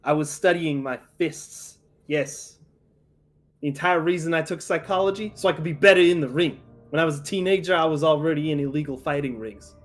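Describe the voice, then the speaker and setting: A man's voice: on the high side, fairly quick, soft background music, natural voice. A man voicing a cocky young male boxer with a put-on New York Italian accent, in a tabletop role-play. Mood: boastful. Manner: brash, boastful, laughing a lot.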